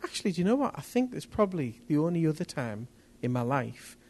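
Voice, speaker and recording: Animated preacher man. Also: a little high, fast talker. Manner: animated storytelling, voice rising to shouts in retold moments. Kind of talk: testimony sermon.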